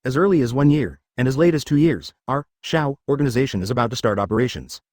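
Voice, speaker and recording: Male reader as a scheming ninja boss, blunt and persuasive, brisk with an animated line. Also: medium pitch, no echo, clean studio sound, lightly acted.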